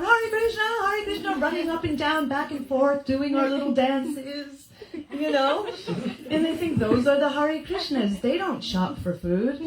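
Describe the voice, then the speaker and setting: Lively high-voiced woman telling stories. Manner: animated, acts out quoted voices, laughs often. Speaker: devotional speaker. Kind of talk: storytelling talk to a gathering. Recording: echoey room.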